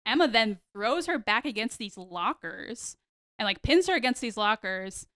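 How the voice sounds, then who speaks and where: A podcast host with a voice on the high side recaps a TV episode at normal speed, in a dry, clean studio recording. She chats casually, animatedly acting out the characters' lines and calling listeners "y'all."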